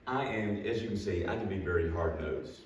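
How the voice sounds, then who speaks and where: A man with a drawl teaches a Bible class in a plainspoken, folksy way, quick to poke fun at himself. His voice comes from well off the mic and rings around a very echoey church room. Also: low voice, far from the mic, slight background noise. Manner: folksy, plainspoken, self-deprecating. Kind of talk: storytelling Bible class lesson.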